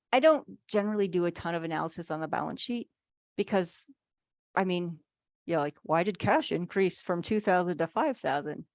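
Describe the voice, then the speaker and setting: Speaking briskly, a financial speaker with a gravelly low voice leads an easygoing online workshop for business owners, her chatty teaching sprinkled with "like"s and acted-out asides. Her video-call sound is dry and close, free of room echo.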